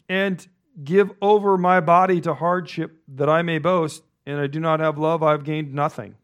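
A man's voice: on the high side, fairly even intonation, normal speed, fairly bright tone. A male pastor giving a loose, conversational sermon, wandering through asides and restarting his sentences often.

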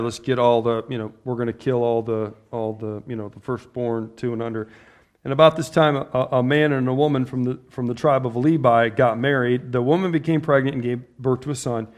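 A man preaching a conversational sermon, putting questions to his listeners and laughing as he goes. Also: medium pitch. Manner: conversational, asks the audience questions and laughs often.

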